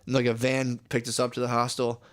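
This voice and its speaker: A man's voice: medium pitch, monotone, quick pace. A young adult man co-hosting a podcast, rambling through crude travel stories with lots of filler and laughter. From United States. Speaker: podcast co-host. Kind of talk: casual crude banter.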